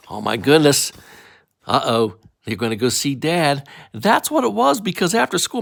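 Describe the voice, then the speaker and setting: A man reads a bedtime story with playful energy, slipping into a grumpy child's complaints. His voice is gravelly and swings widely in pitch. The recording is dry and close. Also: no room sound. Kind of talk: animated bedtime story reading.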